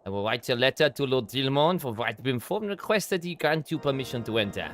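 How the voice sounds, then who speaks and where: Man voicing a courtly French-accented game noble, low and formal. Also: lively intonation, fast talker, a bit bright, close to an everyday voice.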